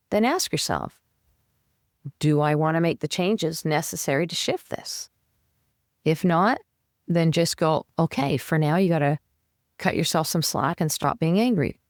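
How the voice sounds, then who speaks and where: A woman's voice: deep voice, lively intonation, a little slow, long pauses, a little mellow, dry recording, studio quality. A woman coach giving advice as a podcast guest, talking animatedly and acting out her own inner voice. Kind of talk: conversational advice.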